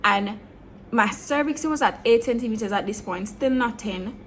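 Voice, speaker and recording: A young woman tells a story straight to camera in a lively, unfiltered way, moving between patois and standard English. Her voice sits a little high. A faint hiss lies underneath. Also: moderate pace. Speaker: vlogger. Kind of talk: storytime monologue.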